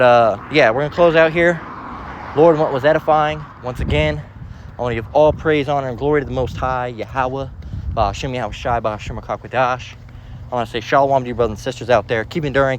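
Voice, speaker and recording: A man teaching from the Bible in a casual way, out of breath as he walks outdoors and slowing down to read verses aloud. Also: medium pitch, slight background noise, rough recording. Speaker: preacher. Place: outdoors, walking near traffic.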